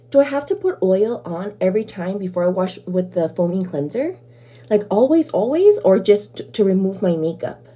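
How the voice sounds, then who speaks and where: A woman in her thirties hosts a get-ready-with-me live stream from home. She chats to her viewers, calls them "girl" and thanks them by name. Her voice sits a little high and swings widely in pitch. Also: warm tone, husky. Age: 30s. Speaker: livestream host.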